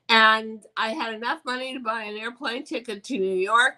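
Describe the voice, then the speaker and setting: An older woman, a fashion designer, telling her life story as an interview guest, animated and acting out the voices of people she quotes. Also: on the high side, normal speed, hardly any pauses, rough recording.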